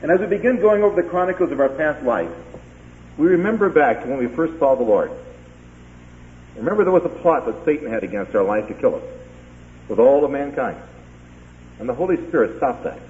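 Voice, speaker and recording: A man delivers a sermon, telling the story with lively rises and falls in his voice and slipping into the characters' lines. The sound is thin and phone-like, as if played through a narrow, tinny line. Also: medium pitch, a little fast, pauses often. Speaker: preacher.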